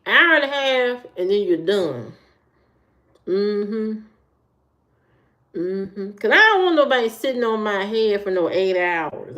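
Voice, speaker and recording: Her fairly low-pitched voice comes through with the highs cut off as this Midwestern woman hosts a livestream. She's chatty and repetitive, replying to comments and calling chat members by name.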